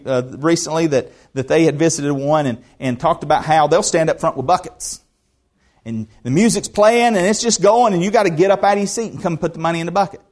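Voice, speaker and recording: Male preacher, high voice, folksy and joking, stumbles into restarts, church sermon. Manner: folksy, joking asides, repeats words when starting. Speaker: pastor.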